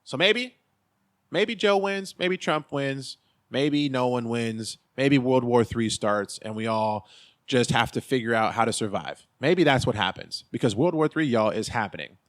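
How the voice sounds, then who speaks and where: A man's voice: mid-range voice, animated, unhurried, fairly bright tone. A man hosting his own show, talking in an emphatic, preachy rant and repeating his points. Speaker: host. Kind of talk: fired-up vlog rant.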